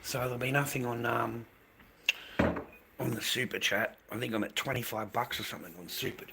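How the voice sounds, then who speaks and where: A man's voice: medium pitch, brisk, vocal fry, sharp tone, a little hiss or hum. A middle-aged man, livestreaming and chatting bluntly with viewers, swearing freely. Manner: swearing, aggressive, blunt, calls people mate. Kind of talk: casual livestream chat with viewers.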